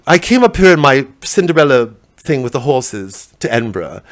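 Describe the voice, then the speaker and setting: A man's voice: mid-range voice, very animated, moderate pace, dry recording, natural voice, poor audio. A man playing a vain, scatterbrained female celebrity comedian in stand-up character comedy, gushing and rambling about herself. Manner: gushing, rambling, self-absorbed. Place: comedy stage at a festival show.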